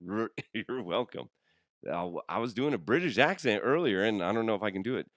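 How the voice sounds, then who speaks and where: A man hosts a casual comedy podcast, his voice rough from a cold. He swings all over in pitch and swears freely. The sound is close and dry. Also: fast talker, dry recording. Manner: animated, swearing, laughs a lot. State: hoarse from a cold. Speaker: podcast host.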